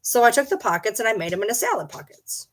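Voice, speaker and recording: A woman's voice: fairly high pitch, very animated, quick pace. A woman chatting casually with her viewers, rambling and teasing as she talks to her pets in between. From Michigan. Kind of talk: casual chat.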